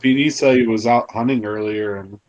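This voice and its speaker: A man's voice: fairly low pitch, moderate pace, lo-fi sound, heavy background noise. A man in a casual chat, speaking matter-of-factly.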